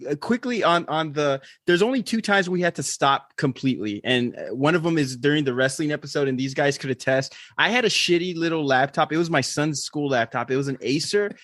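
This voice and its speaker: A man's voice: on the high side, animated, fairly quick, few pauses, fairly bright tone, no room sound, clean studio sound. A man from Texas, co-hosting a casual podcast chat, laughing often and swearing casually. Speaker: podcast co-host.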